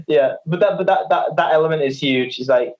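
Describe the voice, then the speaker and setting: A man, an online fitness coach, chatting casually on a podcast in an animated, rambling way with many restarts. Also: a little high. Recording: slightly muffled audio.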